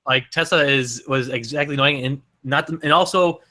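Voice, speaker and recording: A man's voice: medium pitch, normal speed, pushed and bright. A man co-hosting a casual movie review chat, rambling and restarting his sentences often. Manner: rambling, lots of fillers and restarts. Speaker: podcast co-host.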